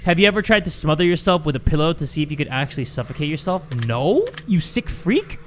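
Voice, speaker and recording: Bright-voiced chatty young man gaming. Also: on the high side, racing, slight background noise. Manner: chatty, candid, joking. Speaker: gaming YouTuber. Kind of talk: casual let's-play commentary.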